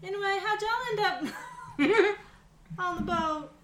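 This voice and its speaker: A woman's voice: very high-pitched, slow pace, a bit bright. A woman playing a tabletop game in casual chat, giggly and playful. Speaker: player. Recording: echoey room.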